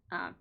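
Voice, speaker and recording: A woman's voice: fairly high pitch, breathy edge. A young woman live-streaming a game, chatting casually and giggling often.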